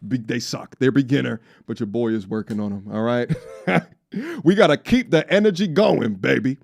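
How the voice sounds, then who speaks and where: Male streamer, high and lively voice, playful and teasing, laughs a lot. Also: vocal fry. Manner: playful, teasing, laughs often, jumps between hype and mock-serious. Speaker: live stream host reading super chats. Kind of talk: casual live stream chat. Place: travelling abroad.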